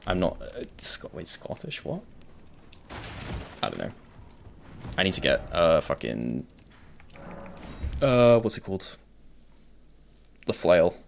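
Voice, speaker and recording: A young British man with a low voice that sinks into gravelly fry rambles through a gaming live stream, thinking aloud, replying to chat and swearing casually. His pitch swings widely, his pace is measured and he pauses often. A faint room hum sits behind him.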